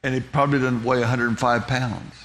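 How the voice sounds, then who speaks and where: A man's voice: medium pitch, flat delivery, a little fast, fairly bright tone. A man telling a personal testimony as a story, with many restarts and repeated words, lingering on vivid details. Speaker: speaker giving a personal testimony.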